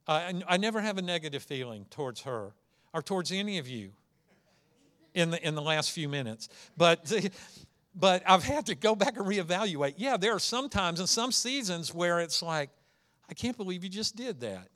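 A man's voice: high-pitched, expressive, normal speed, a bit bright. A man preaching a conversational sermon, telling stories and stressing key words. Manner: conversational, storytelling with dynamic emphasis. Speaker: pastor.

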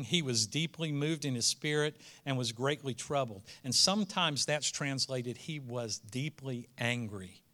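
A man's voice: medium pitch, bright, forceful tone. A male preacher, reading scripture aloud and breaking into casual asides that build to emphatic peaks. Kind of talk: sermon.

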